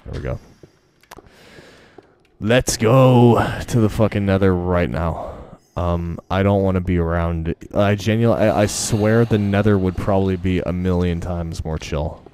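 A man's voice: sits low, unhurried, darkish tone, clear, resonant tone, dry recording. A young man giving casual, profane, rambling commentary while playing a game, mocking himself as he goes. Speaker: gaming video host.

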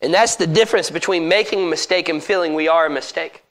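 High-pitched guy preaching in church, punchy, keeps asking the room questions. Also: quick pace, a bit bright. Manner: emphatic, asks the congregation direct questions. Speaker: pastor. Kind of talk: sermon.

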